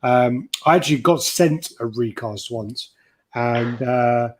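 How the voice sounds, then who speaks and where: A man's voice: medium pitch, slow pace. A man chats loosely on a live stream, swearing freely and trailing off into fillers. His voice sits in an ordinary middle register. He reads viewer comments aloud between his own asides. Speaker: livestream co-host. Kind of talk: casual chat.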